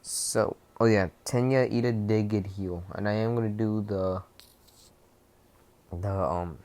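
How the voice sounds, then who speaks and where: A young man casually retelling a fan-fiction story, rambling and rushed, with restarts and swearing. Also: on the low side, steady tone, warm tone.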